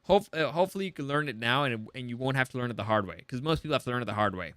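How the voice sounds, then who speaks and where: A man's voice: on the high side, animated, quick pace, few pauses, bright, forceful tone, clean tone, dry recording. A man casually recapping a TV episode, rambling and profane, full of fillers and restarts. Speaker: TV show reviewer.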